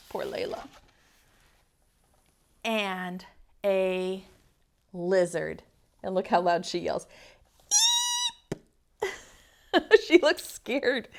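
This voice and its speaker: A young adult woman, a preschool teacher, reading a picture book aloud to small children with an animated, expressive manner. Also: fairly high pitch, gravelly, a little hiss or hum.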